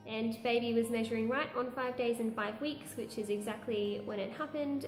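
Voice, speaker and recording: A woman's voice: on the high side, a little mellow, reverberant. A young woman, chatting candidly through a pregnancy update vlog and laughing now and then. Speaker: vlogger. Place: room at home.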